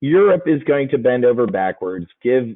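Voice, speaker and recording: A man's voice: mid-range voice, big pitch swings, normal speed. A man coaching an options-trading webinar in a brash, joking, casual way. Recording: tinny phone-like audio.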